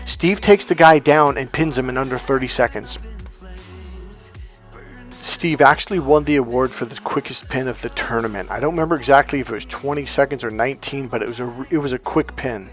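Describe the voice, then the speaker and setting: A man's voice: medium pitch, normal speed, faint music behind. A man coaching as a motivational speaker, telling a story in a casual, slangy way with plenty of swearing. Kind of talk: storytelling monologue.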